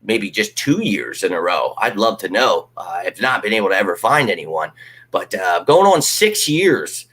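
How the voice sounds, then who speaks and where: A man's voice: on the low side, moderate pace, husky. A man hosting a live fan stream, ranting casually, swearing freely and mocking critics. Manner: animated, ranting, swears freely, mocks critics in put-on voices.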